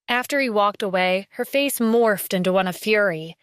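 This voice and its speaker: A woman's voice: medium pitch, moderate pace, few pauses, smooth, no room sound, clean studio sound. Woman narrating an audio drama. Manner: steady storytelling.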